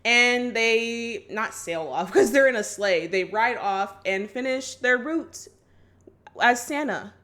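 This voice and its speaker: This woman's voice is fairly high and fairly bright, with lively intonation, yet she takes things slowly. She's a vlogger chatting through a movie recap, saying "like" and "just like" constantly and performing the quotes.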